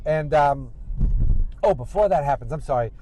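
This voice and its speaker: A man's voice: a little high, expressive, normal speed, dark tone, a little hiss or hum, poor audio. A man hosting a podcast, chatting casually while driving and recapping an episode in a rambling way. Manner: rambling, acts out quotes in raised voices. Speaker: podcast host. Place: car.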